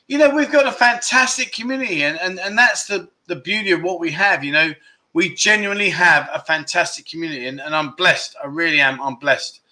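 A livestream host in Pattaya, Thailand chats casually while reading out viewer donations, grateful and prone to many restarts as he thanks people. He speaks a little fast in a high-leaning, pushed and bright voice.

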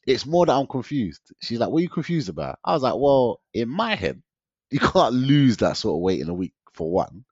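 A man's voice: mid-range voice, brisk, no room sound. Slangy man telling his story. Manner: slangy, laughing often, animated retelling. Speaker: guest. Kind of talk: casual storytelling interview. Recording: dull lo-fi dry sound.

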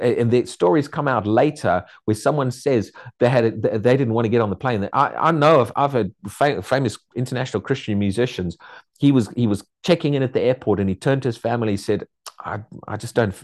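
Male pastor, sermon delivery, lively pitch swings, chatty storyteller with asides. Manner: animated storytelling with acted-out quotes; conversational, frequent restarts and asides.

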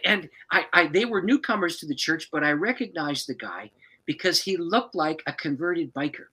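A man who is a pastor tells a story with a lively, swooping pitch. His voice is bright yet slightly husky, and he laughs easily as he goes. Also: moderate pace, poor audio. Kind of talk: storytelling guest on a podcast.

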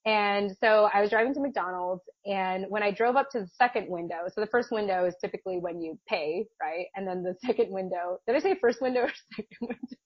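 A woman's voice: medium pitch, brisk, few pauses, no echo, dull audio. A woman podcast co-host casually telling a long personal story, chatty, with frequent laughs and restarts. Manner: chatty, laughs often, many fillers and restarts.

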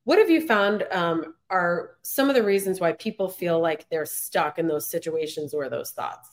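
A woman's voice: fairly low pitch, lively intonation, moderate pace. A woman hosting a podcast, asking questions in a friendly, encouraging way and laughing along with her guest. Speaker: podcast host. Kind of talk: interview questions.

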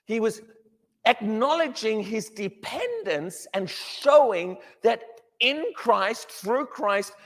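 A man preaching a sermon, emphatic and animated, often restarting his words as he builds a point. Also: high-pitched, long reverb tail.

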